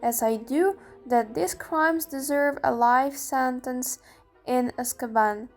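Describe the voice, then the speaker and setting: A stern middle-aged wizard judge hands down formal, clipped pronouncements, as a young woman reads him. The delivery is slow and unhurried. Soft music plays faintly underneath. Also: sits high. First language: Ukrainian.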